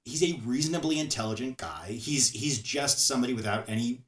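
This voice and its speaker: A man's voice: mid-range voice, brisk. Chatty man in an echoey room. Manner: animated, chatty, laughs often, restarts phrases. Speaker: podcast co-host. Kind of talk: casual chat.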